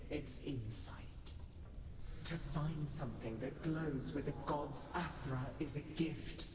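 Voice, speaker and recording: An actor voicing an ageless divine blacksmith who speaks in a slow, grave, ceremonial way. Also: mid-range voice, natural voice. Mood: solemn. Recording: echoey game audio with ambience.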